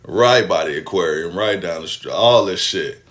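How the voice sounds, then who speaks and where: A young man, telling a personal story in casual, profane, animated style. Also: deep voice, moderate pace. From Texas, US. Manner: animated, profane storytelling with acted-out quotes and laughs.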